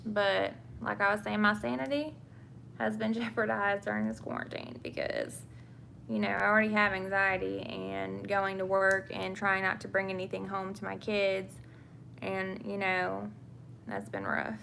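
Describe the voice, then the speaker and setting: Doing her makeup, this young nurse and vlogger from England, who has a Southern US accent, talks casually with viewers about her job. She speaks at a measured pace in a medium-pitched, gravelly, fairly bright voice, fielding viewer questions with lots of fillers and restarts. Slight background noise is present.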